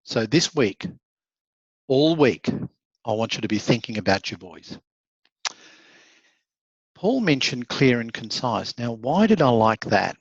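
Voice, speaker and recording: A man's voice: mid-range voice, very animated, a little slow, pauses often, husky, dry recording, muffled recording. A man giving an online law lecture, encouraging and conversational, reading out students' comments. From Australia. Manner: encouraging, conversational, laughs often.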